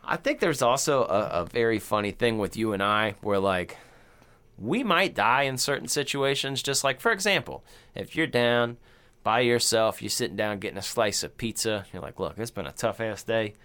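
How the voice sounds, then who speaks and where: Animated casual man riffing on a movie. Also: lowish voice, moderate pace. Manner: animated, swearing, acts out quotes in silly voices. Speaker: podcast co-host. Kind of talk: casual movie review chat.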